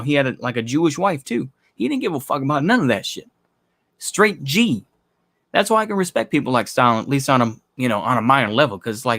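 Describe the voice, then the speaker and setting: A man's voice: a little high, fairly bright tone, dry recording. A man delivering a blunt, profane opinion monologue in a casual, rambling way, with lots of filler phrases. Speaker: commentary channel host.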